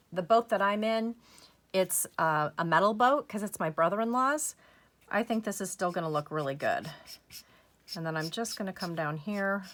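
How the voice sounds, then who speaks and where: Woman, crafting host; slow, gentle step-by-step tutorial delivery. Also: mid-range voice. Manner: soft, unhurried, gently encouraging.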